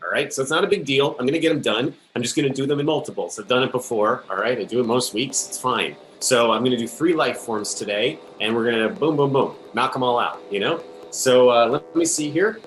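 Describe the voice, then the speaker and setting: A man's voice: medium pitch, fairly quick, few pauses, reverberant, lightly acted. A man playing a rambling space interviewer. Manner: rambling, tosses in "all right?" and "okay?". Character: rambling male space-station interviewer, fussy and awkward. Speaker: host of the sketch. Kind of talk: live improv comedy.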